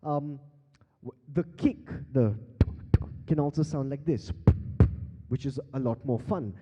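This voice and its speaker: A man's voice: mid-range voice, a little slow, dark tone, slightly rough. Playful man in a long-reverb hall. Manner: playful, quizzes the crowd, laughs often. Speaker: beatbox performer teaching the audience. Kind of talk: live interactive stage workshop. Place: large conference hall stage. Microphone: handheld stage mic.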